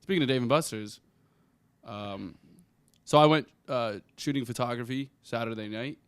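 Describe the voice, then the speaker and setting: Laid-back young man, smooth clear voice. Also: medium pitch, a bit bright, no echo. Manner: laid-back, plenty of ums, chimes in with quick reactions. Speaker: podcast co-host. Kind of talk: casual podcast chat.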